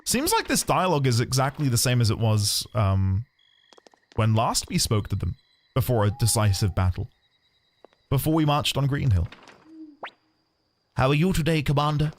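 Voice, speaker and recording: Guy chatting over his game, keeps correcting himself, pitch jumps around a lot. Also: big pitch swings, normal speed, a little hiss or hum. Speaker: streamer. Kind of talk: casual gameplay commentary.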